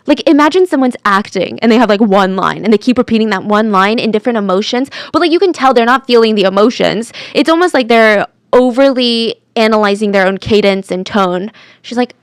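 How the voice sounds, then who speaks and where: A woman telling a true crime story in a chatty, animated way, sometimes dropping to a whisper for drama. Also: on the high side, moderate pace, dry recording, clean studio sound.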